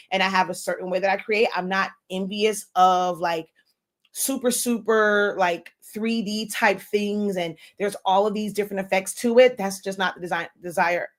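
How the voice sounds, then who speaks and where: A woman in her thirties, an online design instructor, giving a casual, chatty lesson, talking fast with laughs between phrases. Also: medium pitch. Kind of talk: casual teaching talk.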